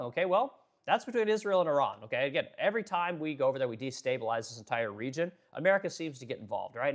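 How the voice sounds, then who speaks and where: A male livestream host from Oregon in the Pacific Northwest talks fast in a mid-range voice while reading chat. His casual delivery is blunt and profane, rambling along with lots of fillers.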